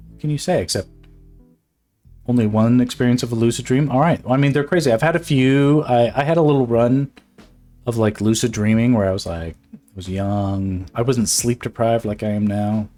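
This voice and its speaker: A man in a casual drawing stream talks in a loose, rambling way, full of swearing, laughs and false starts. His voice sits in an ordinary middle pitch. Faint music plays quietly under his talk. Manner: rambling, profane, laughs often, many fillers and restarts. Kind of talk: casual chat while drawing.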